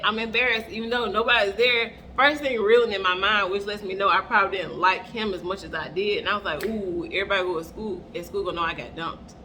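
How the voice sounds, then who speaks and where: A young woman chatting to her viewers in a storytime vlog while doing her makeup, animated and calling out to them often, recorded on an earbud mic. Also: medium pitch, slight background noise. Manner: animated, keeps addressing the audience as "y'all". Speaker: vlogger.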